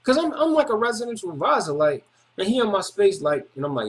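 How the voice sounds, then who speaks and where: Emphatic high-pitched man, casual slang-heavy testimony, repeats himself. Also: big pitch swings, fast talker. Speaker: video testimony speaker.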